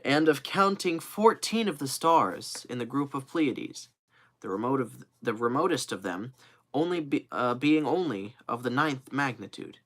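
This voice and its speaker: Expressive man reading a classic novel. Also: mid-range voice, measured pace. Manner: expressive, with occasional slips and fillers. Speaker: reader.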